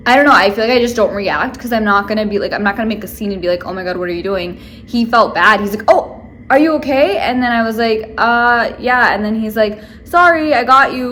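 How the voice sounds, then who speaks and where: A woman's voice: medium pitch, fairly bright tone, slight background noise. A young woman vlogging to camera, venting in a rambling way with lots of fillers. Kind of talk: casual chat to camera.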